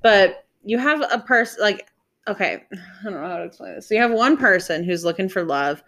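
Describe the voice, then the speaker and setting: A woman chatting casually, giggly and quick to laugh. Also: mid-range voice. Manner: giggly and animated, laughs often. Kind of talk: casual chat.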